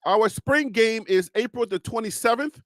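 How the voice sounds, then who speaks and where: A man hosting a live sports talk show, speaking in a calm, reassuring, preacher-like cadence and often repeating and restarting phrases. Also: very high voice, moderate pace, dry recording, studio quality.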